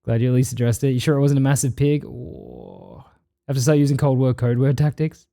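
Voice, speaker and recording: A man's voice: mid-range voice, very animated, a little fast, creaky, mellow. A man with an Australian accent, streaming and chatting casually with his viewers as he reads their messages aloud, blunt and swearing freely. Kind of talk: casual chat reading live chat.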